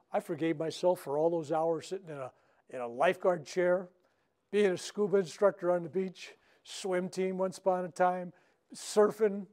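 An older male minister with a high-pitched, slightly mellow voice leads a workshop for a live group in a spiritual center meeting room. He tells stories conversationally and keeps checking in with "right?"

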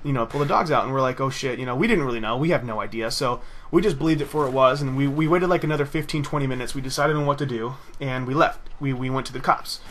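A man's voice: medium pitch, fast talker, few pauses, fairly bright tone, slight background noise. A young man casually telling a rambling story over gameplay, swearing freely and laughing at his own tale. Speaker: gaming video host.

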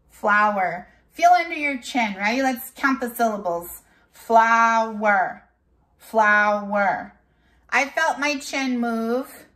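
A woman teacher leading a morning lesson for young children, speaking slowly and clearly and repeating words so the class can follow along. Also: on the high side, fairly bright tone. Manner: slow, clear, drawn-out classroom delivery; switches into Spanish for the date.

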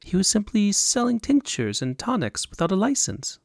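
A man voicing a secretive, lovestruck young woman of about twenty who speaks in an imperious, excited way. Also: high-pitched, normal speed, creaky, no room sound, studio quality, voice pushed up, exaggerated voice. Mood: commanding.

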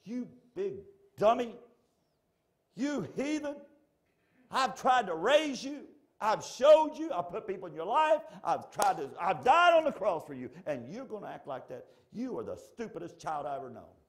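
A man preaching, playing a furious Jesus who shouts and scolds in a high, strained voice. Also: big pitch swings, normal speed.

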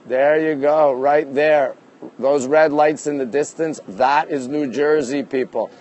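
On a lo-fi phone recording, a Canadian man chats from an outdoor rooftop deck at night, reading viewer comments aloud and greeting people by name in an upbeat way. He speaks unhurriedly, with a slightly high, darkish voice and fairly even intonation.

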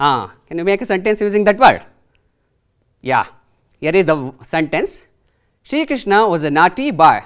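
Female teacher, TV classroom lesson, lively questioning delivery. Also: sits low. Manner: explains words and asks students questions, switching between English and Kannada. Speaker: English teacher.

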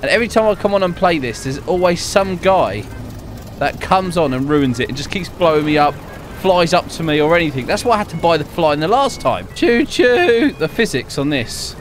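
A young man giving jokey, excitable commentary over his own gameplay, laughing often. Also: fairly high pitch, brisk, soft background music. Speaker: gaming YouTuber.

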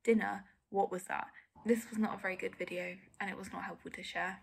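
A woman's voice: mid-range voice, steady tone, brisk, gravelly, a little hiss or hum. A young woman giving candid, self-critical reaction commentary as a vlogger, often dropping to a near whisper.

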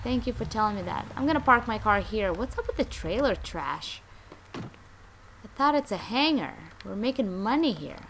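A young woman hosting a let's play, commenting with exasperation, muttering and then yelling. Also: mid-range voice, lively intonation, moderate pace, vocal fry, a little hiss or hum. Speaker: gaming channel host.

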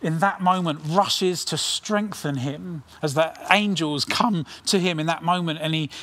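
A middle-aged man preaching a sermon with earnest intensity, dropping his voice low on key lines. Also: bright, forceful tone. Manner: earnest, dramatic pauses, drops to near whisper on key lines.

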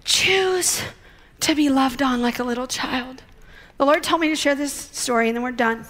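A middle-aged woman, preaching as a guest speaker and telling a story in a lively, conversational way with acted-out quotes. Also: high-pitched, moderate pace. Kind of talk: sermon.

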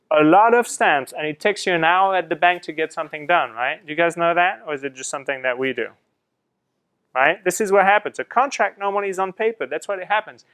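A middle-aged man from France gives a lively classroom talk, turning to his students with questions. His voice is fairly high and smooth, and it comes through a slightly fuzzy mic. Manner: lively storytelling, quotes others in acted asides. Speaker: guest speaker presenting to students.

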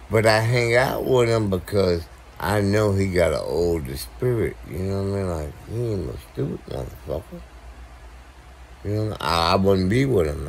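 A man's voice: fairly low pitch, gravelly, slight background noise. A man, co-hosting a podcast in a casual, blunt, profane monologue to viewers. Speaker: podcast co-host.

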